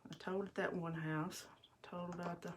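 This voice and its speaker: Lady rambling ghost stories at home, bit low voice, calls everyone y'all. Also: flat delivery, moderate pace, background noise. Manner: chatty, rambling, addresses viewers as y'all. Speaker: livestream host. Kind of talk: casual storytelling while doing makeup. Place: bathroom at home.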